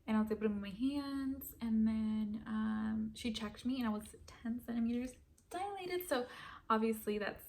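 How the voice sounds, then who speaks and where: Animated woman telling her story. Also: fairly high pitch, moderate pace, a little hiss or hum. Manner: animated, drops to whispers when quoting herself. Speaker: vlogger. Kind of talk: casual storytelling.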